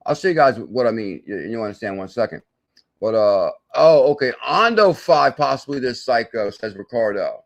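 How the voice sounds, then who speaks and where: A man of middle pitch hosting a live crypto stream. He talks in an excitable, salesy way, breaking into loud exclamations, then mutters through sums and chart checks as he reads the viewer chat. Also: moderate pace, gravelly. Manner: thinks aloud while doing sums and checking charts. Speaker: crypto channel host.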